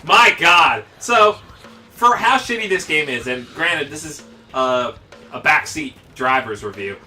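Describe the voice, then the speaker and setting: Man, casual let's-play commentator, very bright tone, slightly raised pitch, rambling and profane, mic a bit distant. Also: lively intonation, a little slow, soft background music.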